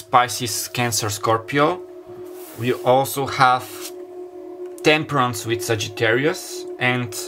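A man doing a casual tarot card reading to camera. He talks in a halting way, with many fillers and self-corrections. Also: medium pitch, a bit bright. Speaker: tarot reader. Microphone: camera mic.

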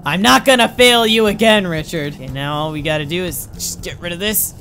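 Bright-voiced excitable man gaming. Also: high voice, a little fast, a little hiss or hum. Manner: frantic, exclaiming and laughing at himself. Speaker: gaming commentator. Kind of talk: excitable gameplay commentary.

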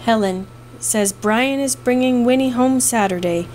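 A woman voicing a stern, tired farmer father with a gruff manner. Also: fairly high pitch, moderate pace, slight background noise, natural voice.

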